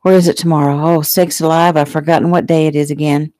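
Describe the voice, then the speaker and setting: A woman reading the part of a gentle, forgetful Irish woman friend in a storybook. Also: low-pitched, level tone, fast, dry recording, natural voice.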